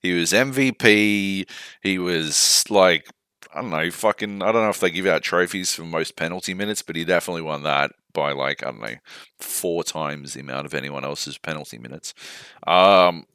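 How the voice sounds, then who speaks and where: A man's voice: low-pitched, moderate pace, bright, forceful tone, clear, resonant tone, dry recording, studio quality. An Australian man co-hosting a gaming podcast at home on a laptop mic, in sweary, jokey casual chat. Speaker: podcast co-host.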